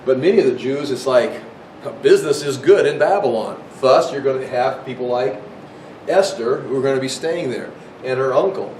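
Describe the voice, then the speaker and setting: A man's voice: moderate pace, darkish tone. An American man giving a casual Bible history lecture, rambling with restarts and asides. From United States. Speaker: Bible teacher. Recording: echoey room, mic far off, faint rumble.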